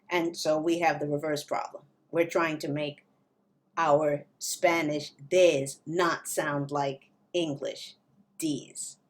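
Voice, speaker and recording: A woman leads a language lesson in a slightly low voice. She speaks slowly and deliberately. She models each word with care for learners to repeat. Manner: slow, careful modeling of pronunciation. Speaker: Spanish teacher.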